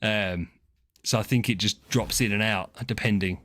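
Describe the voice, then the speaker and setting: A southern English man with a fairly low, steady voice that's a bit bright, speaking at a moderate pace. He's streaming and chatting casually with his viewers, reading their messages, teasing and rambling, often restarting sentences and laughing.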